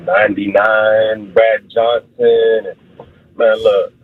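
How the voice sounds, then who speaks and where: A man's voice: medium pitch, slightly rough, dry recording. A man in his thirties calling into a sports radio show, rambling and hesitant, over a phone line. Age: 30s. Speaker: caller. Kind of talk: call-in phone chat.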